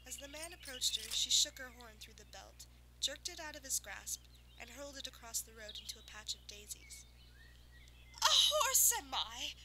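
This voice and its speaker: A woman narrating a fantasy storybook aloud in a soft, measured, lyrical way, sometimes dropping to a whisper. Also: on the high side, background noise. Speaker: audiobook reader.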